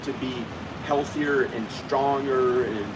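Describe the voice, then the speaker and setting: A man's voice: mid-range voice, steady tone, takes it slowly, noisy background. A man vlogging at home in a casual, rambling monologue, often repeating himself as he talks to the viewer. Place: at home indoors.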